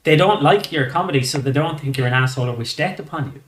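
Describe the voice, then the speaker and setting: A man's voice: a little high, quick pace, reverberant. An Irish man, a comedian guest on a podcast, telling rambling stories in casual chat and swearing freely. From Ireland.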